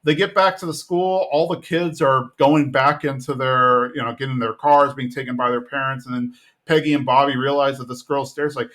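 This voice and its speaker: A man's voice: mid-range voice, steady tone, moderate pace, fairly bright tone. A man co-hosting a podcast, casually retelling a cartoon episode and acting out quotes in a raised voice. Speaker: podcast co-host recapping episodes. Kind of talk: casual recap chat.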